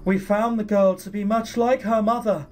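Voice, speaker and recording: A man voicing solemn, ancient fairy beings who speak slowly and grandly. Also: high-pitched, fairly even intonation, darkish tone, faint music behind, voice pushed up, lightly acted. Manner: slow, stately, portentous.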